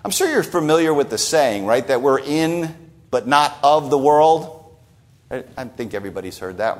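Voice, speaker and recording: A man's voice: mid-range voice, lively intonation, normal speed. A man preaching a sermon, teaching from a Bible passage with emphatic stresses and rhetorical asides.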